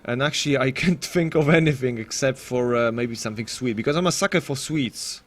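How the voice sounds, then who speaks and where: Guy casting a game on his stream, mid-pitched, rambly, keeps joking at his own expense. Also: a little fast. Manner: rambling, self-deprecating, many restarts. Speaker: esports caster and streamer. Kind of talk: casual live stream commentary.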